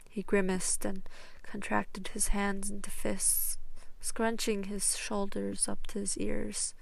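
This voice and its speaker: Brief: woman audiobook narrator, unhurried, slight fry, dead-dry mic. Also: medium pitch, flat delivery, no room sound. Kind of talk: audiobook fan fiction reading.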